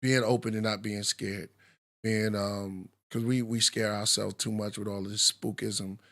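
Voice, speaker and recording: Gravelly-voiced man musing on a podcast. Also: lowish voice, little pitch movement, unhurried, fairly bright tone. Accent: New York. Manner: loose, reflective, philosophizing with many fillers. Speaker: podcast host. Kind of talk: casual live podcast talk.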